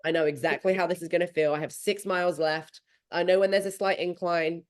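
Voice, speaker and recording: A woman in her thirties hosting a podcast, telling a story in a lively, casual way and swearing freely. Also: lowish voice, fairly quick. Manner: animated, swearing freely, acting out her own thoughts. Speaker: podcast host.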